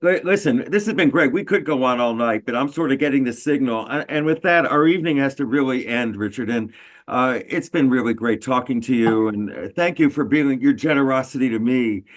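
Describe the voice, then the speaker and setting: A man hosting an interview, asking questions and thanking his guest in an earnest, halting way. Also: mid-range voice. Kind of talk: interview questions and closing remarks.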